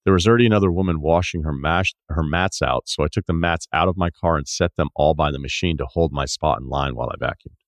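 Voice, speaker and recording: A man's voice: a bass voice, quick pace, hardly any pauses, no room sound, studio quality. A man hosting a podcast, reading a listener email aloud and adding wry, conversational asides. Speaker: podcast host.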